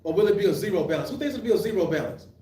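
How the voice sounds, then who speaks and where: Rapid-fire and expressive, this man's high, warm voice carries through an echoey room to a distant microphone. He's teaching accounting live, asking questions of the class, answering them himself, and often breaking off to restart his sentences.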